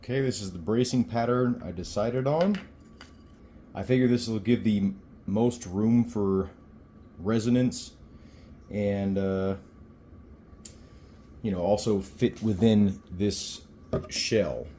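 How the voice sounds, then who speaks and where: A man building a guitar, talking casually to camera as he works and thinking aloud with pauses. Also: fairly low pitch, warm tone, slight background noise.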